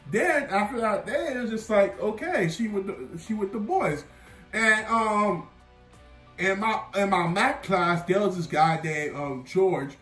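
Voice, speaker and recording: A young vlogger speaks at a measured pace in a high, fairly bright voice, rambling, self-mocking, and heavy on fillers as he shares a personal story. This casual storytime monologue was captured in an echoey room away from the mic, with faint music.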